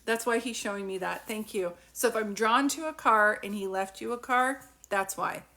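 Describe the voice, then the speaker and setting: A woman's voice: mid-range voice, normal speed, sharp tone. A middle-aged woman giving a live-stream psychic reading, talking in a chatty, encouraging way with many fillers and restarts. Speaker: psychic medium.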